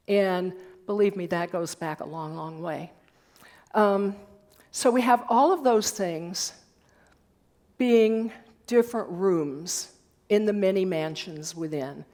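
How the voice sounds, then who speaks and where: Slow-speaking older woman giving a sermon. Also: mid-range voice. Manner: storytelling with gentle humor. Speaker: speaker at a spiritual center. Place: church hall.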